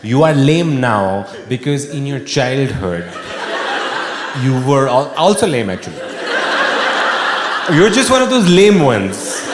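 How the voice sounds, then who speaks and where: A man doing a stand-up comedy set on stage, wry and animated, sometimes bursting into shouting. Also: mid-range voice, noisy background. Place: live comedy venue with audience laughter. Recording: echoey live room with long reverb. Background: audience laughter and room ambience.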